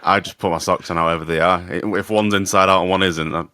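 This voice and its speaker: A man's voice: deep voice, steady tone, fast talker, pushed and bright, clean tone, no room sound, clean studio sound. A man co-hosting a podcast, talking in an easygoing, laughing way in casual chat. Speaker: podcast co-host.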